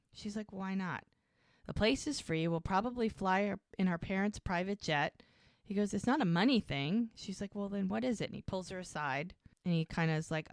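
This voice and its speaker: A woman's voice: medium pitch, brisk, no room sound, clean studio sound. A woman co-hosting a podcast, casually recapping a TV episode and retelling scenes by quoting the characters. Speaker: podcast co-host.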